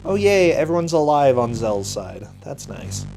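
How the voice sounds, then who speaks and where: A man commentating a live game race casually, reacting with quick exclamations. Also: medium pitch, very animated, vocal fry, dark tone, low-quality recording. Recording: faint game music behind.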